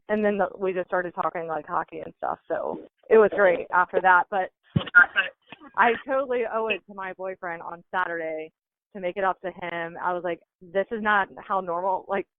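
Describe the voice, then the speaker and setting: A woman's voice: on the low side, fairly even intonation, normal speed, dry recording. A woman calling in, telling a story casually and animatedly, with lots of fillers. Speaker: call-in guest. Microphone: phone. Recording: tinny phone line.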